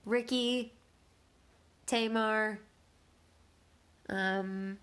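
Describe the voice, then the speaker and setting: A woman co-hosting a relaxed podcast chat. She has a middle-pitched voice and a teasing, easygoing way of talking, often breaking into laughter. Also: extremely slow. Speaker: podcast co-host. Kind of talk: casual chat.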